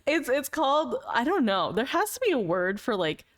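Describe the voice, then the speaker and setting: A woman's voice: high-pitched, sing-song, moderate pace. Giggly young woman streamer chatting. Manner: giggly, laughs often between sentences; chatty, repeats words and restarts often. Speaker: livestreamer. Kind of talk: casual chat with stream viewers.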